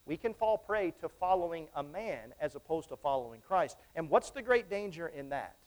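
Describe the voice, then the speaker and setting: A man's voice: fairly high pitch, expressive, moderate pace. A man preaching a sermon to his congregation in church, emphatic and repetitive, often asking them questions. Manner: emphatic, repeats phrases, asks the congregation questions.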